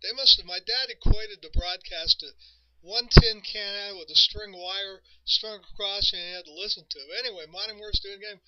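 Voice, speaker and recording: A man's voice: high voice, moderate pace, lo-fi sound. A man hosting a radio show, telling rambling, chuckling anecdotes. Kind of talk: nostalgic storytelling monologue.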